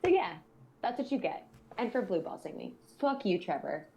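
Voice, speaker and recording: A young adult woman co-hosting a podcast, telling a story in a casual, animated, profane way and acting out what people said. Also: mid-range voice, normal speed, vocal fry. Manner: animated, profane, acts out quoted voices. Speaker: podcast co-host.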